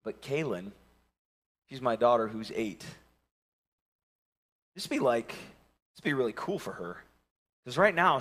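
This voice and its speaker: A man, preaching a sermon and telling lively personal stories, acting out the voices of the people in them. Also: medium pitch. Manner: animated storytelling, acting out voices. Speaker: pastor. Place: church sanctuary.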